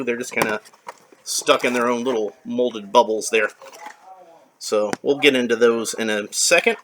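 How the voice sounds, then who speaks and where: A man's voice: mid-range voice, background noise. A man toy collector giving casual, rambling unboxing commentary with a wry touch and many fillers.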